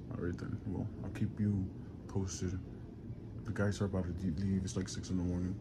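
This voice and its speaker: A man's voice: deep voice, level tone, moderate pace, noisy background. Weary young man vlogging, sore and lightheaded. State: in pain and lightheaded. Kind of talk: casual vlog talk to camera.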